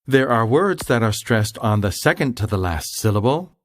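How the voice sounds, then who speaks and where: Man, language lesson narration, measured explanations, lively pitch, dry close sound. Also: no room sound. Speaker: language instructor. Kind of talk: scripted instructional narration.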